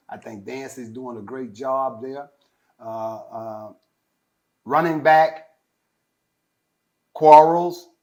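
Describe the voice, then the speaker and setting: A male host of a sports podcast, reading out player lists in a casual, talky way with lots of fillers and opinionated asides. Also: mid-range voice.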